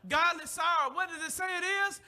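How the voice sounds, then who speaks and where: High, bright-voiced preaching man. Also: brisk. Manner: impassioned preaching, swinging from shouts to hushed near-whispers; calls on the congregation to respond. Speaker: pastor. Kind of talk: sermon. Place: church service, streamed live.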